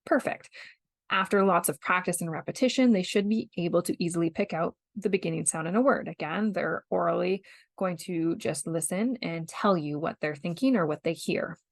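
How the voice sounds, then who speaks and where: A woman's voice: lowish voice, normal speed, creaky, no room sound. Patient Canadian woman teaching reading skills. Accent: Canadian English. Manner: patient, explains step by step with spoken examples. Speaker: podcast host, parent educator. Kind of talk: instructional podcast talk.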